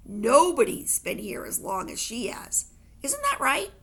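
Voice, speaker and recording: A woman reading a novel aloud, voicing a calm, knowing girl with frizzy hair. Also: high voice, measured pace, heavily acted.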